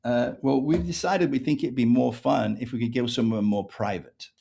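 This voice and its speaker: A man's voice: mid-range voice, moderate pace, vocal fry. A man from England with an English accent, telling a story as a podcast guest and acting out the dialogue. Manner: animated storyteller, acts out quoted dialogue. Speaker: author guest.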